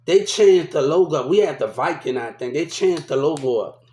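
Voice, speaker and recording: A man's voice: fairly high pitch, animated, normal speed, warm tone. Rambling New man, echoey room. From New Orleans. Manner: rambling, profane, repeats himself. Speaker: vlogger. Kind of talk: casual rambling storytelling.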